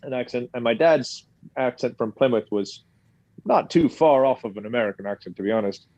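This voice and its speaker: A man's voice: mid-range voice, brisk, a little mellow, no room sound, muffled recording. A man with a non-regional English accent, a podcast guest, talking casually with many fillers and restarts. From England. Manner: rambling, hesitant, with many fillers.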